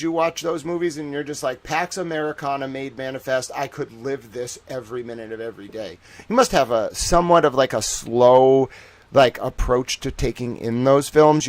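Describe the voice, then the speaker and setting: Rambling, animated male livestream host. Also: medium pitch. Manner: rambling and animated, heavy use of "like". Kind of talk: casual livestream commentary.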